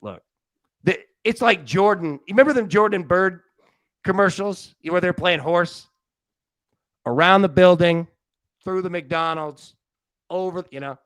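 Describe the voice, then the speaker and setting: A man's voice: high voice, a little slow, long pauses, fairly bright tone, no echo. A man hosting a live sports betting show, rambling and joking with frequent restarts. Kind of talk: casual live show chat. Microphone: studio mic on a live stream.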